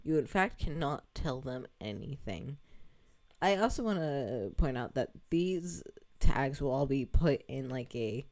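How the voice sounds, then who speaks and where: A woman's voice: extremely low pitch, lively intonation, a little slow, darkish tone. A woman streamer chatting casually to her chat about her game, rambling, laughing often and swearing casually.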